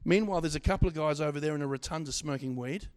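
A middle-aged man preaching a sermon, swinging from loud exhortation to quiet asides, with stammering restarts. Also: on the high side, rapid-fire, smooth.

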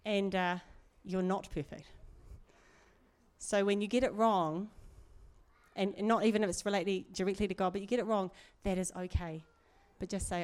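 A woman's voice: mid-range voice, steady tone, moderate pace, a little mellow. A middle-aged woman preaching in a chatty, earnest way, with asides and laughs. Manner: conversational, earnest, laughs often, many asides. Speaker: church speaker. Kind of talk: sermon.

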